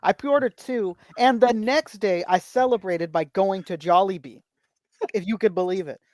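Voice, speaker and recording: A man's voice: sits high, normal speed, no room sound. A man guesting on a podcast, telling stories in casual chat, acting out quotes and swearing freely. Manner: animated storyteller, swears freely, acts out quotes.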